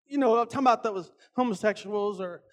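Guy preaching a sermon, real high voice, animated, drags out words for emphasis and keeps asking the crowd if they get it. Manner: animated, drawn-out emphasis, frequent asides to the audience. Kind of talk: conversational sermon.

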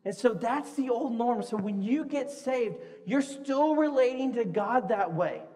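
A man preaching a conversational sermon to a congregation, lively and acting out the voices he quotes. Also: very high voice, a little slow. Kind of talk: sermon with audience games. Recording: long hall reverb.

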